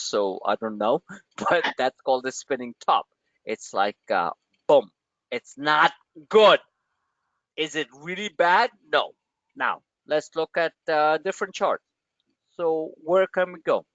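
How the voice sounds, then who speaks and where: A man hosting a livestream of market commentary, rambling and joking in an animated way. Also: mid-range voice, takes it slowly, no echo, lo-fi sound. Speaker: trading channel host.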